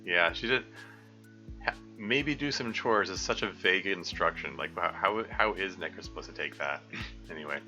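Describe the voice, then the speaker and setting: A man streaming a visual novel live, reading and rambling in a hesitant way with lots of throat-clearing. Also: low-pitched, moderate pace, pushed and bright. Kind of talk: live let's play with commentary. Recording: slightly dull lo-fi audio. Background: faint guitar music.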